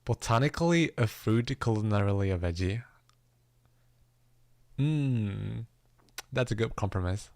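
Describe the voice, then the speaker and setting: A man's voice: lowish voice, lively intonation, unhurried, long pauses, darkish tone, no room sound. A man chatting casually with his livestream viewers, playful and self-mocking, laughing at his own stumbles. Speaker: livestreaming musician. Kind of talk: casual chat with stream viewers.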